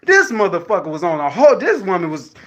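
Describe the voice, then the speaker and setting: High, bright-voiced man telling a story. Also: fast talker, a little hiss or hum. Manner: animated, swearing, slang-heavy, frequent "you know what I'm saying". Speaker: vlogger addressing viewers. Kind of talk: casual storytelling monologue.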